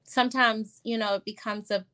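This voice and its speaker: A middle-aged woman pediatrician in a casual podcast interview, chatty and quick to laugh, often acting out her talks with patients. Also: a little high, fairly even intonation, bright, forceful tone. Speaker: pediatrician guest.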